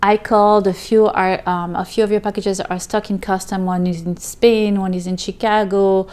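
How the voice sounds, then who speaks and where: A woman's voice: mid-range voice, flat delivery, normal speed, a little mellow, clean tone. A woman hosting a crochet channel, chatting casually on camera while she opens packages from viewers and thanks them at length. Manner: gushing, effusive, repeats "so, so much". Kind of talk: casual vlog, opening mail on camera.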